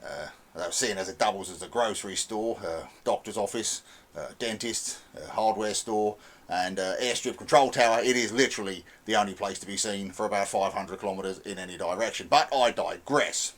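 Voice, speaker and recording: A man with a broad rural Australian accent spins a comic tale, ambling along with plenty of "uh" fillers. His voice sits a little low, and his delivery is unhurried and folksy. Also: fairly bright tone. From Western Australia. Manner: folksy rambling storyteller, many "uh" fillers. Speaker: listener sending a recorded message. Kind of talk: comic monologue.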